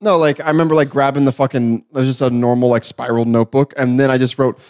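A man's voice: medium pitch, flat delivery, fast, darkish tone, clear, resonant tone. A man co-hosting a casual podcast, teasing his co-host and breaking in with questions. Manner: teasing, keeps interrupting with questions.

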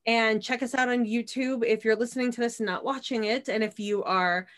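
A woman's voice: fairly high pitch, fairly even intonation, brisk. A woman in her thirties co-hosting a casual podcast, chatty and rambling with frequent restarts. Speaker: podcast co-host.

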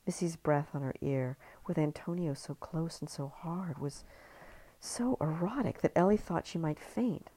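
A woman narrating a serialized story in a hushed, intimate reading. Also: low voice, normal speed, vocal fry, poor audio. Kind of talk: scripted audiobook narration.

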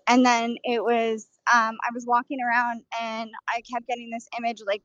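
A woman co-hosting a podcast, talking casually in quick, fragmented bursts. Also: a little high, completely flat delivery, a bit bright, no room sound. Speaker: podcast co-host. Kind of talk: casual chat. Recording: dull, dry, lo-fi sound.

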